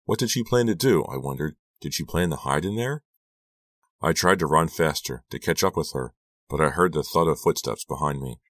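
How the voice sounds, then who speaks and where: A man narrating an audiobook thriller in a steady, measured storytelling voice. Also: extremely low pitch, no room sound, clean studio sound. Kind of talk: scripted narration.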